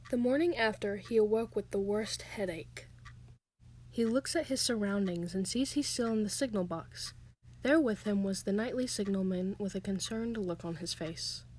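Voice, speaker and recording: A young woman narrating a story in a calm, even storytelling manner. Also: mid-range voice, moderate pace, breathy edge. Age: young adult.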